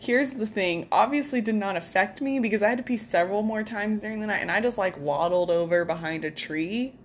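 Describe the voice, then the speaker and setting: A young woman telling animated, laughing stories in a casual podcast chat. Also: mid-range voice, a little fast, slight background noise. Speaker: podcast co-host.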